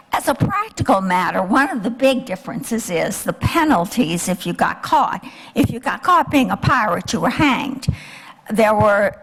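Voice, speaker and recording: A woman giving a history lecture to a live audience, telling the story and asking the listeners questions. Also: medium pitch. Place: lecture hall. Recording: long hall reverb.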